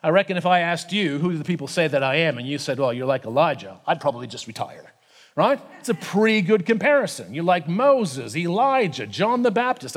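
A man preaching a sermon in a conversational, animated way, with frequent asides and fillers. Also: high voice, a little fast. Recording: reverberant hall.

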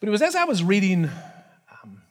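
A man preaching a sermon in a conversational, animated way, with frequent asides and fillers. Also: high-pitched, moderate pace. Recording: reverberant hall.

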